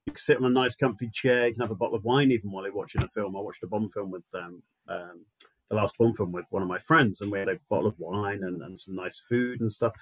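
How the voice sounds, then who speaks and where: Quick-talking wry man. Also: on the low side, steady tone, no room sound. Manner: wry, teasing. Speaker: podcast co-host. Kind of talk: casual chat.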